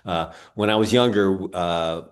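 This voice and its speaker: A man's voice: low-pitched, a little slow, smooth. A man with a Pennsylvania accent hosting a casual interview, talking in a rambling, folksy way with many fillers. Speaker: podcast host.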